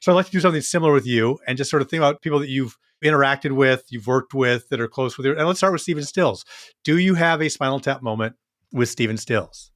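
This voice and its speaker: Male host, average pitch, relaxed conversational interviewer, dry close sound. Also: fast talker, dry recording. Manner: easygoing, conversational questioning. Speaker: podcast host. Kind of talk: interview questions.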